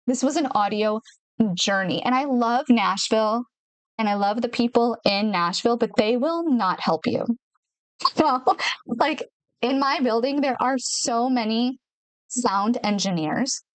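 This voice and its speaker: A woman's voice: a little high, unhurried, no echo. Chatty woman podcast host, dry sound. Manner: chatty, repeats words for emphasis, laughs often. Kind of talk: casual talk to camera. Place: her home studio in Nashville. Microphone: studio microphone.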